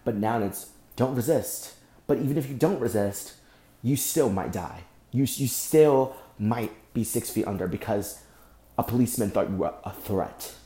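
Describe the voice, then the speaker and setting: A young man hosting a solo podcast, speaking angrily and with deep emotion, often breaking off and repeating himself. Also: moderate pace, mellow, roomy sound. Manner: angry, emotional, repeats and restarts. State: emotionally shaken. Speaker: podcast host. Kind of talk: impassioned solo podcast monologue.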